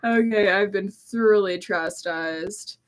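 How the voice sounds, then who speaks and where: A woman's voice: mid-range voice, slow. A woman co-hosting a casual home live stream, reading viewer comments aloud in a playful, giggly way. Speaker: co-host reading live chat.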